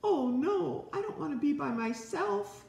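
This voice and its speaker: A woman voicing a grumpy, timid male toad in a children's storybook, loud, stubborn and complaining. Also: high-pitched, animated, measured pace, vocal fry, pitched above the performer's own voice, heavily acted. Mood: panicked. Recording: roomy echo.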